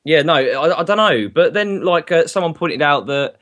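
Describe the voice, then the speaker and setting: Man, casual podcast banter, lively up-and-down voice, fairly high pitch. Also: moderate pace. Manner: laughing, excitable banter. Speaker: podcast host. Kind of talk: casual group chat.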